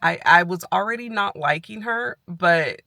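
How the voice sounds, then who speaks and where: Candid woman telling her story, bright voice. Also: lowish voice, measured pace, gravelly, no echo, studio quality. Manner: candid and animated, retelling with quoted dialogue. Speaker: health vlogger. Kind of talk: casual storytelling vlog.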